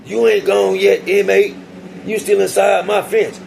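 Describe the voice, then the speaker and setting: A man's voice: high voice, flat delivery, a little slow, vocal fry, darkish tone, slight background noise, voice pushed up, heavily acted, poor audio. A man putting on the voice of a smug adult male prison guard who mocks and repeats his threats. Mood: commanding.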